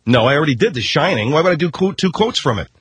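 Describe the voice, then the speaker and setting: A man's voice: a little high, lively intonation, quick pace, fairly bright tone, breathy edge, no room sound. A middle-aged man hosting a comedy radio show, joking wryly and bickering with exasperation. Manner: wry, exasperated banter.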